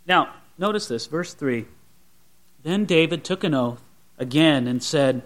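A man's voice: fairly high pitch, lively intonation, a little slow, a bit bright. A male pastor preaching an expository sermon, retelling a scripture story and dramatically voicing its characters. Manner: dramatic, voices the Bible characters with rising intensity.

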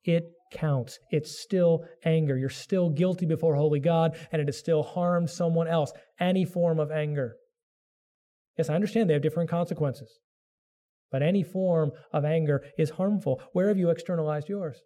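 A man's voice: fairly high pitch, moderate pace, mellow. A middle-aged man preaching a sermon to his congregation, earnest and direct, who raises his voice to act out people's excuses. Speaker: pastor.

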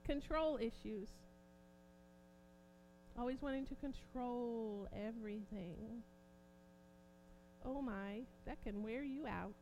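A woman preaching an informal sermon, growing impassioned and forceful at points. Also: a little high, takes it slowly, long pauses, slight background noise. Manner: impassioned, rising to near-shouting emphasis.

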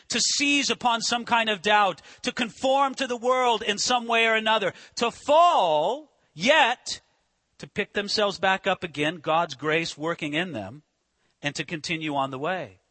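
High-voiced, bright-toned preaching man. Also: unhurried, no room sound. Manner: earnest, asks rhetorical questions. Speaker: pastor. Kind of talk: sermon.

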